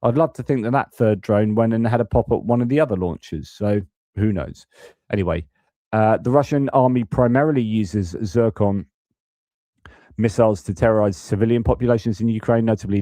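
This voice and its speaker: A man's voice: fairly low pitch, mellow, dry recording. A man hosting a live-stream news commentary, talking casually and thinking aloud as he goes through footage and reports. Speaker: host.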